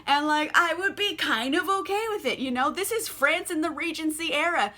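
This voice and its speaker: A young woman with a bright, forceful voice pitched a bit high talks casually over a glass of wine. She is chatty and sarcastic, and scatters "like" through every sentence. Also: moderate pace. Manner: chatty and sarcastic, heavy use of "like"; drinking wine while talking. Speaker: book vlogger. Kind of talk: casual chat.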